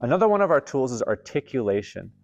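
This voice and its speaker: A man hosting a theater camp lesson, explaining acting technique in clear, deliberate scripted narration. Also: mid-range voice, sing-song, lo-fi sound.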